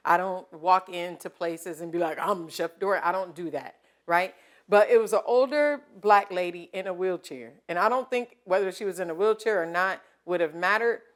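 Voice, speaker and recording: A woman chef hosting a casual interview, telling stories in an animated way and laughing often. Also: lowish voice. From American South.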